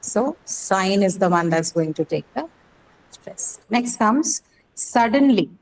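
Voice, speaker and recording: A woman's voice: mid-range voice, expressive, slow, a little mellow, rough recording. A woman teaching an English class, patiently repeating words and quizzing students on word stress. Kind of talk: classroom lesson.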